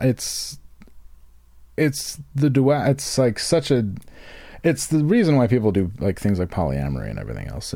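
A man's voice: mid-range voice, mellow, dry recording, studio quality. A man co-hosting a podcast, rambling crudely and jokingly in a casual comedic chat. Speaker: podcast co-host.

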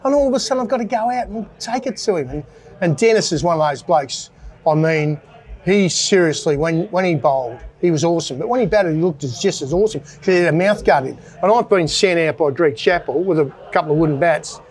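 A man's voice: on the high side, fairly quick. An older Australian man and former cricketer telling self-mocking stories in a casual interview. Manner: anecdotal, self-mocking, laughs at own stories.

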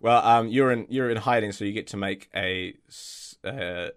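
Game master, male, low voice, halting, full of fillers and restarts. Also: clear, resonant tone. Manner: hesitant, many fillers and restarts. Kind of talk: narrating a tabletop game.

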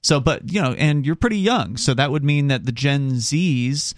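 A man's voice: mid-range voice, normal speed, no echo, clean studio sound. A man hosting a talk radio show, chatting in a conversational way and often tagging on "right?".

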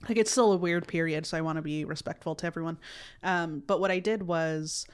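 A woman with a slightly low voice chats casually on a podcast. She rambles, backtracks and fills her pauses with ums as she works out her thoughts. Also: clean tone. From United States. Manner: rambling, self-interrupting, many fillers. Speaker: podcast co-host. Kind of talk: casual conversation.

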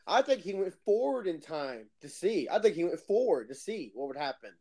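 High-voiced, animated storytelling man. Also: a little fast. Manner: animated storyteller, acts out quotes. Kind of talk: casual movie discussion.

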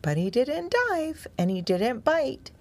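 Woman narrator for a children's story: gentle, expressive, unhurried, slight fry. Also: fairly high pitch.

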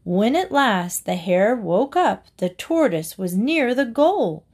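A woman narrating classic fables aloud for listeners. She reads slowly and deliberately, pausing to give each moral its weight. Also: a little high, sing-song, a little mellow, husky. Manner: slow, deliberate reading aloud. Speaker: reader. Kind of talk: storybook narration.

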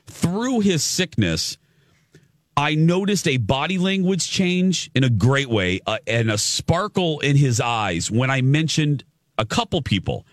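A man's voice: mid-range voice, big pitch swings, unhurried, no echo, clean studio sound. A man hosting an entertainment show, chatting casually and enthusiastically as he retells a celebrity encounter in a gushing, storytelling manner. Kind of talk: casual chat.

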